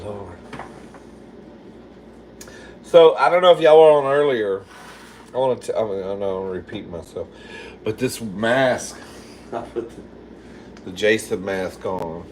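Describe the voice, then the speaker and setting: A man's voice: lowish voice, slight background noise. A man hosting a casual livestream from his kitchen while he cooks, answering viewer comments in a sassy, foul-mouthed way and calling everyone "girl.". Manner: sassy, swears a lot, calls viewers "girl". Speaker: livestream host. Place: home kitchen.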